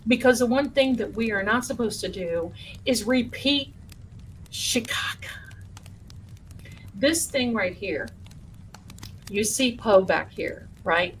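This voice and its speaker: A woman's voice: on the high side, a bit bright, a little hiss or hum, low-quality recording. A woman hosting a live stream from a room at home, talking to viewers in a chatty, folksy way and calling them her darlings. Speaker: livestream host and spiritual teacher.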